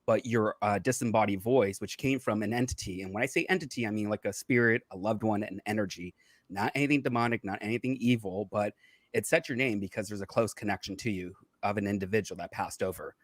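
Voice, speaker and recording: A man, a psychic medium guest, explaining in calm casual chat with frequent fillers. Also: on the low side, quick pace, no echo, studio quality.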